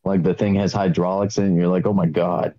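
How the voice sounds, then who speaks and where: A relaxed, joking man talks as a podcast guest in a deep, mellow voice. His audio comes through dull and lo-fi over the call. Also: fast. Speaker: guest band member. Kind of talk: casual podcast chat.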